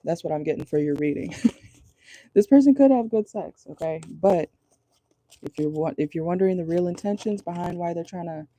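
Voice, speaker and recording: A woman's voice: on the low side, level tone, a little fast, warm tone. A woman giving a casual, chatty tarot reading to her viewers, blunt and crude, laughing often. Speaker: tarot reader.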